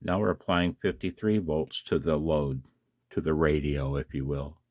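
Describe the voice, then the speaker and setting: A man's voice: rumbling low, normal speed, a little mellow, dry recording, clean studio sound. A tired man, up late at night, casually demonstrating a hobby device and chatting to the viewer with questions and chuckles.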